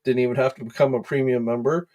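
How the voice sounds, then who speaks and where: A man hosting a casual livestream into his desk microphone. His pitch sits in the middle for a man, and he talks loosely, with frequent filler words and restarts. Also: fairly even intonation, fast talker, a little mellow, lo-fi sound. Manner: chatty, many fillers, greets viewers by name. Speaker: host of an action figure news livestream.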